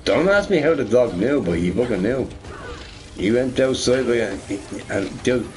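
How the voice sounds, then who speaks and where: A man's voice: lowish voice, lively intonation, normal speed. A man telling a long, rambling story while playing a video game. He swears freely, repeats himself and keeps adding "you know, right?". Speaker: gamer recording gameplay. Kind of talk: casual storytelling over gameplay.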